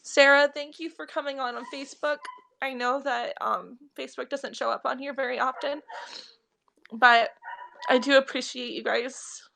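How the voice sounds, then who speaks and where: A young woman, a spiritual reader, crying as she speaks warmly and earnestly to viewers on a live stream. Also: high-pitched, fairly even intonation, normal speed, vocal fry. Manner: tearful, heartfelt, affectionate.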